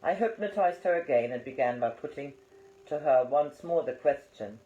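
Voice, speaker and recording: A man reading an audiobook aloud in a calm, measured way. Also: fairly high pitch, slight background noise. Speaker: audiobook reader. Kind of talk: audiobook narration. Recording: roomy, slightly dull recording.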